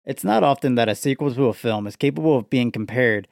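A man co-hosting a podcast, talking in a relaxed way full of fillers and reading prepared notes on a film. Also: mid-range voice, fast, creaky, dry recording, studio quality. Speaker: podcast co-host. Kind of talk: casual chat and read synopsis.

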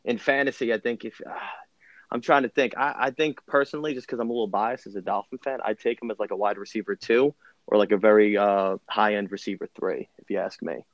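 A man's voice: fairly low pitch, steady tone, fast talker, no room sound. Hesitant young male guest, dull lo-fi audio. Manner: hesitant, rambling, many fillers. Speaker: guest, sports fan. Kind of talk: casual sports chat.

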